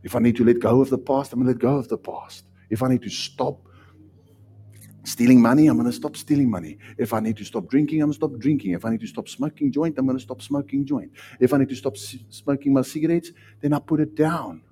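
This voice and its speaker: A man's voice: mid-range voice, fast, slight background noise. Emphatic South African male preacher. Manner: emphatic, repetitive preaching with sudden loud rises. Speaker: pastor. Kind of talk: sermon.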